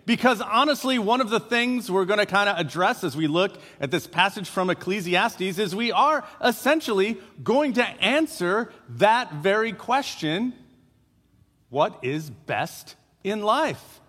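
A man with a notably high voice preaches a sermon to his congregation, chatty and loose, often pausing on "uh." His voice rings out in a church sanctuary with a long, trailing reverb. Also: bright, forceful tone. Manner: conversational, frequent filler uhs. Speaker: pastor.

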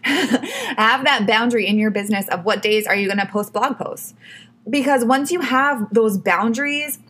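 A woman's voice: on the high side, expressive, normal speed, fairly bright tone. A woman hosting her own podcast, giving casual advice in a chatty way, full of "like" and "you know". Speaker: podcast host.

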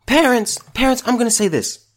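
A man's voice: very high-pitched, lively intonation, fairly quick. A man hosting a solo opinion podcast, ranting in exasperation and restarting his sentences. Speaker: podcast host.

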